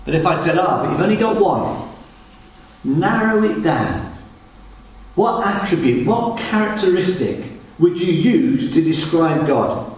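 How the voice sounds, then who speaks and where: Man preaching, high-pitched and unhurried, repeats words for weight; distant mic, very reverberant church hall. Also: expressive. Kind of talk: sermon.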